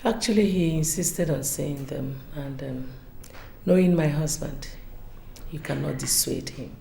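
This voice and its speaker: An actress with a Nigerian accent playing a calm, devoted wife caring for her sick husband, speaking soothingly. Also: low voice, measured pace, creaky, slight background noise. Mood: gentle. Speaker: wife and mother. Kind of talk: film drama acting.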